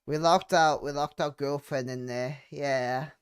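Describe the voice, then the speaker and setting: A man streaming a horror game, commenting playfully and breaking into loud excited yelps and meows. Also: a little high, unhurried, clean tone.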